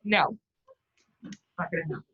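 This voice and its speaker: A woman instructor giving a classroom lecture, telling personal stories in a chatty, animated way and laughing often. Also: moderate pace. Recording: roomy, dull sound from a distant mic.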